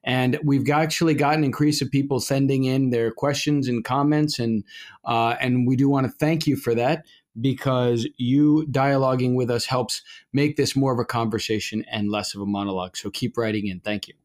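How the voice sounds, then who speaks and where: A man's voice: medium pitch, steady tone, moderate pace, a little mellow. A middle-aged man, a priest co-hosting a podcast, talking in a casual, rambling way with many fillers and restarts. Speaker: podcast co-host, Orthodox priest. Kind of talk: casual conversational podcast talk.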